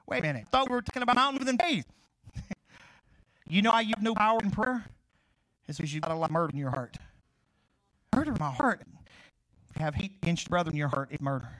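A middle-aged man preaching a sermon as pastor, swinging from loud, stretched scripture reading to quiet, joking asides and personal stories. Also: fairly high pitch, sing-song, fast talker, long pauses, dry recording, poor audio. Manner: storytelling with humor and laughs.

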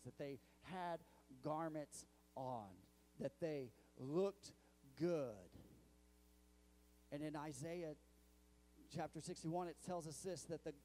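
A man's voice: a little high, mellow, a little hiss or hum. A young male pastor preaching a sermon in a church, telling stories in a conversational way with many restarts. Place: church sanctuary.

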